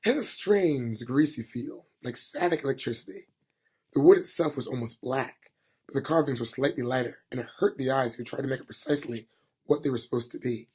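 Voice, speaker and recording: Husky man reading a novel aloud. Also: medium pitch, fairly quick. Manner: plain, steady reading with small slips. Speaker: reader. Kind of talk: amateur audiobook reading.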